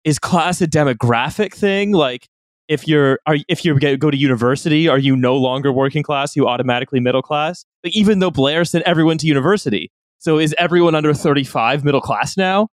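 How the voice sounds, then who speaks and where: Halting analytical man, dry mic. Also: a little high, no echo. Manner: halting, many restarts while building an argument. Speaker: podcast co-host. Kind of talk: analytical political chat.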